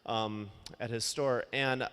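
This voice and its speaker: A man's voice: mid-range voice, fairly even intonation, slow pace, fairly bright tone, clean tone. A man from Minnesota tells an earnest story to a conference audience, acting out the dialogue. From Minnesota, United States. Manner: earnest, acts out quoted dialogue. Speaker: wine blogger telling a story. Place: conference hall. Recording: echoey conference hall.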